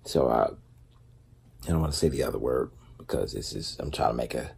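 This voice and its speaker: Deep husky man talking casually. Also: fairly quick, darkish tone. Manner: loose, conversational, with many fillers and asides. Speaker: vlogger. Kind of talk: casual faith-based talk.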